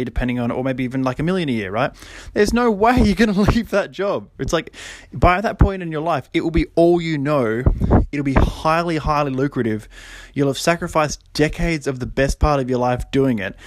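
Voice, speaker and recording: A young man hosting a solo podcast, talking casually and then getting preachy and animated, with lots of fillers and quick laughs. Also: fairly high pitch. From Australia. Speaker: podcast host.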